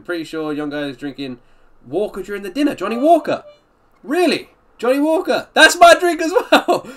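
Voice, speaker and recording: A man's voice: a little high, fairly bright tone. A man live-streaming a reaction, chatting upbeat with his viewers and greeting them by name. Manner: upbeat, greets and answers viewers' chat often.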